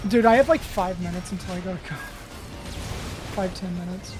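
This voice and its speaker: A man's voice: sits high, brisk, pauses often, music in the background. A tired male streamer chatting casually while gaming, joking and scattered. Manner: joking, scattered, laughs often. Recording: loud noise over voice.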